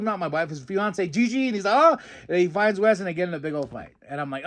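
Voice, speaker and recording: A man's voice: high-pitched, brisk, hardly any pauses. A young man hosting a podcast, casually recapping a wrestling show and acting out the wrestlers' lines in put-on voices, with frequent laughs. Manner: animated, acts out quotes in put-on voices, laughs often.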